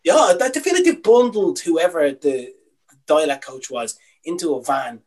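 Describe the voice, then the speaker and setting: A man's voice: fairly high pitch, animated, moderate pace, low-quality recording. A young Irish man co-hosting a casual podcast, opinionated and ranting, with some swearing. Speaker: podcast co-host.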